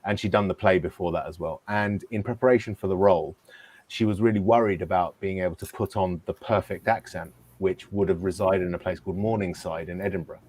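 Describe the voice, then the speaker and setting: A man with a low, slightly sore voice hosts a relaxed live chat. He talks in an easygoing, storytelling manner, pausing to gather his thoughts. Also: slightly rough. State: sore throat. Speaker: podcast host. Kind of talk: casual chat.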